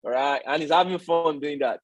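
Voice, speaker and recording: A man with a husky, slightly breathy voice teaches a live trading lesson. The sound is dry and close. He talks in a preachy way, keeps checking in with "all right?" and answers his own questions. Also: a little high, moderate pace, no room sound, poor audio. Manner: asks the audience rhetorical questions. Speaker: trading educator and stream host. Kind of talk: live-stream market lesson.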